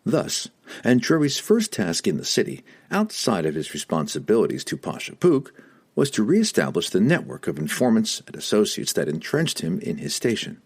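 A man with a deep, husky voice narrates a fantasy audiobook. His reading is dramatic and expressive, with pitch that swings widely from line to line. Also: normal speed.

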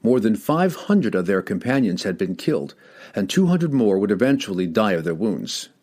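A man narrating a fantasy audiobook in a dramatic, expressive storytelling manner. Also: lowish voice, normal speed.

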